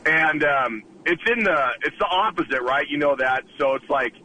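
A man phoning into a radio show with a sharply bright, tense voice. He rambles with many pauses and half-finished asides. There is a faint hiss underneath. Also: on the high side, low-quality recording. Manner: rambling, trails off and hesitates. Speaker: radio caller. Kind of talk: casual phone-in anecdote.

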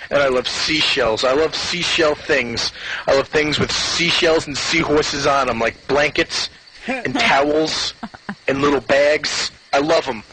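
An actor playing a petty, foul-mouthed New York man with a heavy accent, rambling through an animated comedy bit. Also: mid-range voice, background noise, natural voice. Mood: gushing. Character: crude ranting New York guy, petty and scornful.

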